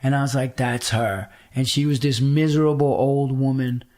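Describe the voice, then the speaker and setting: A man's voice: mid-range voice, moderate pace. A middle-aged man, a podcast guest telling a story in conversation, swearing freely and acting out the voices of the people he quotes. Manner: profane, animated, acts out quoted voices.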